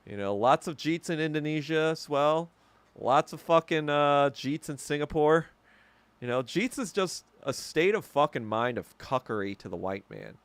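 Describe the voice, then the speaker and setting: A man's voice: on the high side, animated, moderate pace, clear, resonant tone, dry recording. Profane, rambling man ranting on a podcast. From United States. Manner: mocking and abrasive. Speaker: podcast host. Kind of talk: casual solo podcast rant.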